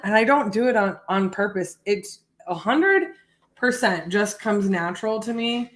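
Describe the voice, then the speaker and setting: A woman's voice: medium pitch, unhurried. A woman with a blended Midwestern and Southern US accent, a real estate wholesaler hosting a livestream and talking friendly and rambling, often restarting her sentences. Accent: mix of Midwestern and Southern US. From Northwest Ohio, raised in Texas from age eleven. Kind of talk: livestream chat and sales phone call.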